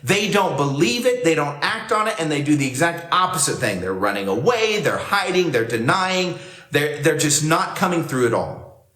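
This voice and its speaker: A man's voice: a little high, big pitch swings, normal speed, sharp tone. A man preaching a sermon to a camera for online worship, talking in a conversational way and acting out the lines he quotes. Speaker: pastor. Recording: roomy echo.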